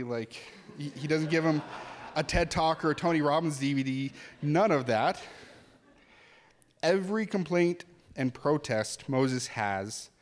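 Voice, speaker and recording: Earnest male pastor in a reverberant hall. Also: medium pitch. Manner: earnest, conversational preaching with animated asides. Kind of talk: sermon.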